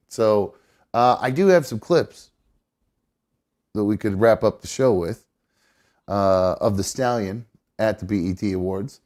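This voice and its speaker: A man's voice: fairly low pitch, measured pace, long pauses, a little mellow. A man hosting a live talk show, chatting casually in a loose, rambling way and swearing freely. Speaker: podcast host. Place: studio.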